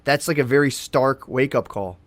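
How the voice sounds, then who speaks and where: A man's voice: medium pitch, normal speed, no echo. Loose, rambling man with a dry sound. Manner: rambling, laid-back, swears a lot, says "dude". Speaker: podcast guest. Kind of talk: casual chat. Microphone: podcast studio microphone.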